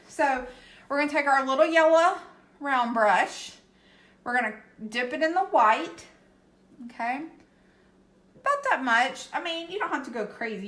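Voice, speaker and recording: A woman's voice: fairly high pitch, fairly bright tone. Chatty woman in echoey room. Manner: chatty, reassuring, tags with "okay?". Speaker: craft channel host. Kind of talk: casual painting tutorial.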